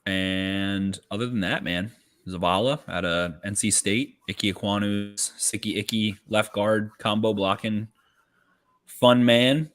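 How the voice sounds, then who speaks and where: Low-voiced man breaking down draft picks. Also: steady tone, fairly bright tone. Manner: rapid, profane football analysis. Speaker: podcast co-host. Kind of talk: casual draft-night chat.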